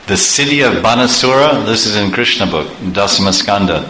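Guy telling scripture stories, lots of chuckles, bright voice, echoey room w/ faint hum. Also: fairly low pitch, brisk, hardly any pauses. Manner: animated, chuckling often, conversational asides. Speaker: preacher. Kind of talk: storytelling sermon.

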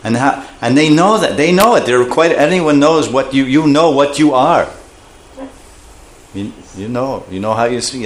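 A man with a medium-pitched voice teaches a scripture class at a normal speed. He's animated, explaining terms and acting out voices as he goes.

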